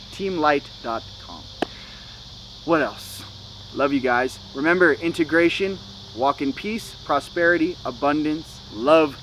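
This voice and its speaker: A man's voice: fairly high pitch, fairly bright tone, slight background noise, low-quality recording. A man vlogging a casual spiritual talk to his viewers, rambling with lots of "you know" and "okay?".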